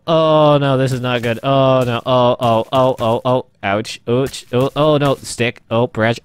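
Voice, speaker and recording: A man's voice: mid-range voice, unhurried, few pauses, clean tone, no echo. A man hosting a gaming channel, giving rambling let's-play commentary with lots of laughter and exclamations. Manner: excitable, laughs and exclaims often; rambling, repeats himself.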